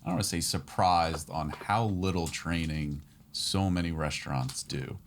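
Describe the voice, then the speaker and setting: A man's voice: low voice, normal speed, gravelly, a little hiss or hum. A man co-hosting a podcast, talking casually in a rambling, hesitant way. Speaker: podcast co-host.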